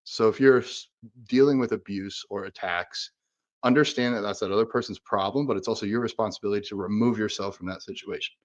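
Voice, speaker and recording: A man's voice: on the low side, steady tone, brisk. A man co-hosting a podcast, talking casually and searching aloud for examples as he rambles. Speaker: podcast co-host.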